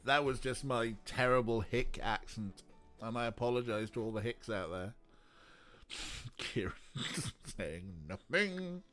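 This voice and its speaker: A man's voice: mid-range voice, lively intonation, takes it slowly, fairly bright tone, soft background music. A man streaming an adventure game, making joking asides and laughing at the dialogue. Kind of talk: casual let's play commentary.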